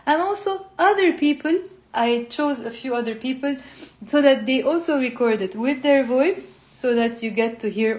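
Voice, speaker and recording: A woman explaining a language textbook, saying model phrases slowly for learners to repeat. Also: a little high, a little mellow. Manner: slow, drawn-out model phrases for repetition. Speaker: language teacher.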